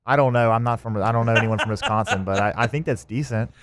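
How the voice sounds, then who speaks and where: A man co-hosting a sports talk radio show, teasing the host with halting replies. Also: fairly low pitch, a crowd in the background. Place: radio studio.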